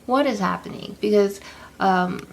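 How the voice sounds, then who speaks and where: Young woman vlogging, rambles with lots of "like", kinda creaky voice. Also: mid-range voice, a little slow, slight background noise. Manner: rambling, heavy use of "like". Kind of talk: casual vlog storytelling.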